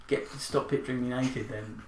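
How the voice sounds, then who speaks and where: A man co-hosting a podcast in casual chat, crude and joking, often halting mid-sentence. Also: medium pitch, fairly even intonation, darkish tone. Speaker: podcast co-host. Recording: distant mic in echoey noisy room.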